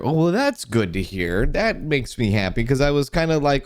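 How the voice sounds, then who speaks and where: A man's voice: mid-range voice, sing-song, a little fast, hardly any pauses. A man streamer in casual livestream chat, greeting viewers by name and trailing off into restarts.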